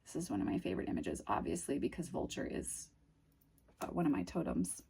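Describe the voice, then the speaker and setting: A woman with a New England accent chatting casually through an unboxing, gushing and dreamy, often trailing off into soft murmurs. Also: extremely low pitch, sing-song, a little fast, creaky, husky. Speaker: tarot video host.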